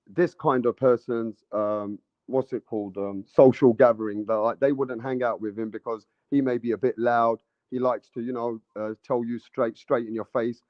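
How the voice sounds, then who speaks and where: A man's voice: medium pitch, no echo. A man from East London with an East London accent, co-hosting a boxing podcast in a blunt, swearing, casual way. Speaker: podcast co-host. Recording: dry, dull lo-fi sound.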